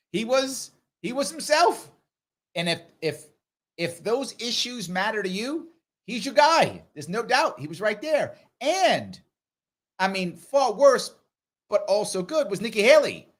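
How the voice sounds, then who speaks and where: Brief: middle-aged male livestream host, slightly high voice, very lively pitch, chatty direct commentary. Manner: animated, talks straight to viewers, acts out others in quick voices. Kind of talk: live Q&A commentary.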